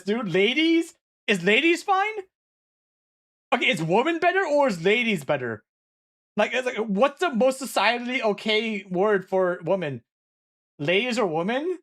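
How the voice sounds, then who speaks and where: Speaking in a very high voice but at an unhurried pace, a young male streamer whose first language is Korean responds casually to viewer messages. He comes across as excitable and apologetic, curses freely, laughs often, and frequently restarts.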